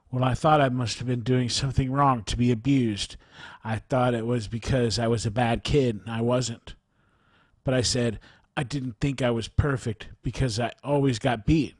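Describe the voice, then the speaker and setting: A man slowly reading aloud a first-person account, even saying the punctuation marks. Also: medium pitch, dry recording, studio quality. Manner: slow, earnest reading that reads out punctuation. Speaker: narrator reading a near-death account. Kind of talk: reading a written testimony aloud.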